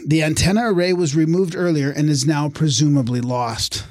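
A man's voice: on the high side, normal speed, a little mellow, no room sound, clean studio sound. A man co-hosting a podcast, reading from his notes with asides and losing his voice. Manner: reads notes aloud with asides. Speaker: podcast co-host. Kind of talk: casual chat, reading aloud.

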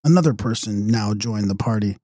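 Steady male audiobook narrator. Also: on the low side, a little fast, dry recording, studio quality. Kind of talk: audiobook narration of a gothic novel.

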